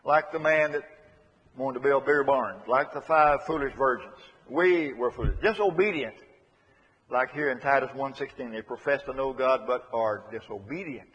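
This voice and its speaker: A man's voice: medium pitch, moderate pace, fairly bright tone, slightly rough. Earnest preacher man in an echoey hall. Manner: earnest, emphatic, repeats key phrases. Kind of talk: sermon. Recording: echoey hall, dull lo-fi sound.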